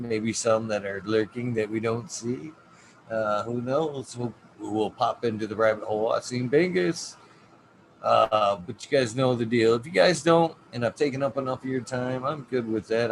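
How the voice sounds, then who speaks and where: A man's voice: mid-range voice, slight background noise, rough recording. A man hosting a casual livestream podcast, laid-back and swearing freely as he talks to his chat. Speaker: podcast host.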